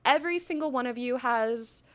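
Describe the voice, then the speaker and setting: A young woman hosts a livestream, chatting casually and gushing effusively as she swings between loud excitement and soft, earnest talk. Her voice is a little high and her pace fairly quick.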